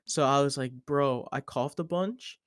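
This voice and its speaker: A man's voice: mid-range voice, unhurried, a bit bright, clean tone, no echo, studio quality. A young man hosting a podcast, telling a long story in a rambling, laid-back way with plenty of "like" and swearing. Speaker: podcast host. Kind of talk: casual storytelling chat.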